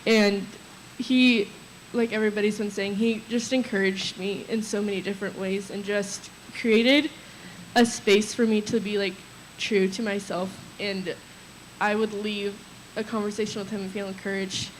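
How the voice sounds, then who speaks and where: A woman's voice: medium pitch, fairly even intonation, moderate pace, a little hiss or hum, low-quality recording. A young woman sharing nervous, chatty memories of a friend at a memorial, laughing through her stories. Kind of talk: memorial tribute, storytelling.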